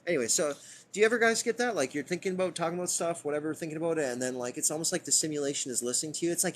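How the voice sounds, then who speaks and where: A man's voice: a little high, racing, fairly bright tone. Rambling, profane man reading live. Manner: rambling, profane, laughs often. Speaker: streamer reading a book aloud. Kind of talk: casual live reading with commentary.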